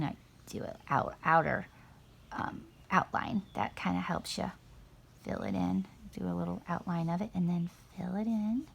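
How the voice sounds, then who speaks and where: Middle-aged lady walking kids through painting, chatty and upbeat, bit of fry in her voice. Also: on the low side. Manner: chatty, encouraging, talks to children. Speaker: art teacher. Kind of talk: kids' painting lesson.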